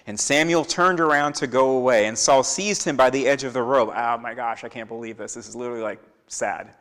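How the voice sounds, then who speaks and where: A man's voice: mid-range voice, a little fast, few pauses, fairly bright tone. A man teaching a Bible lesson in a church, acting out the lines of biblical characters as he tells the story. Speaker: Torah teacher. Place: church sanctuary. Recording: echoey hall with long reverb.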